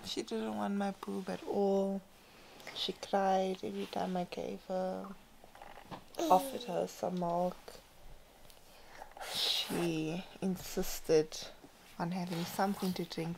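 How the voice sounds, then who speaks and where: A woman talks slowly into her phone at home, chatty and emotional, drifting through fillers as she shares her thoughts. The recording carries a faint hum of home noise behind her. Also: medium pitch, little pitch movement, vocal fry. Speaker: vlogger, mother. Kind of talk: casual home vlog. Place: home, indoors.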